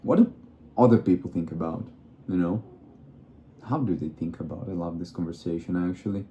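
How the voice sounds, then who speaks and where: Dark-voiced man musing aloud in a roomy space. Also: deep voice, brisk, muffled recording, slight background noise. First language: not English. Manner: wandering, self-questioning, playful. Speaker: vlogger. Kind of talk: rambling solo musing. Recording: roomy echo.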